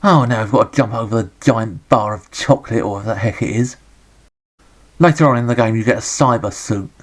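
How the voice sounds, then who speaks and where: Reviewing a retro game, this Englishman talks briskly in a lowish voice, grumbling and cracking sarcastic jokes throughout his running commentary.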